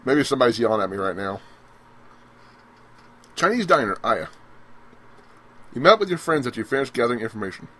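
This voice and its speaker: A man's voice: medium pitch, big pitch swings, a little fast, pauses often, pushed and bright, breathy edge. A man commenting on a video game, reading the dialogue aloud with sarcastic, bored asides. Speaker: let's play commentator. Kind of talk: casual gameplay commentary.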